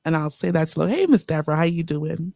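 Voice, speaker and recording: A woman hosting an inspirational radio talk show. She talks lively and straight to her listeners, and she repeats key lines slowly. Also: sits low, gravelly, dry recording, studio quality. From the Bahamas. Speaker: radio host. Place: radio studio.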